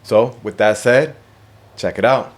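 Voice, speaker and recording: A man co-hosting a podcast, playful and teasing in casual chat. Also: on the low side. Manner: playful, teasing, quick laughs. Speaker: podcast co-host.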